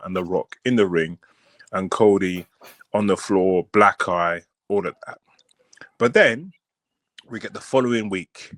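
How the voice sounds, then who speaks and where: A man co-hosting a casual wrestling podcast, telling stories with animated, acted-out quotes. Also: no room sound. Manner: animated storytelling, acting out quotes in high voices. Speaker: podcast co-host.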